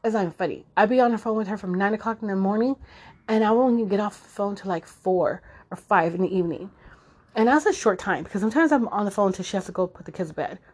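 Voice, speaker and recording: Woman host, 30s, raw emotional monologue with plenty of swearing and fillers, mid-pitched voice. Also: quick pace, a little mellow. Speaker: podcast host. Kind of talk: casual personal monologue.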